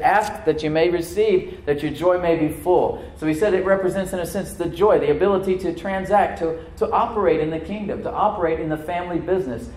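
A man's voice: a little high, darkish tone, a little hiss or hum. Preaching man in an echoey church. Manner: repeats and restarts phrases, asks the congregation "Amen?". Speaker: pastor. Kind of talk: sermon. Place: church sanctuary with congregation. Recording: roomy church echo.

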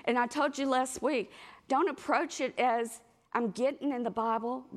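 A middle-aged woman preaching a sermon, telling stories in a lively way and acting out the voices of the people she quotes. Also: sits high, moderate pace. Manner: animated storytelling, acts out quoted voices.

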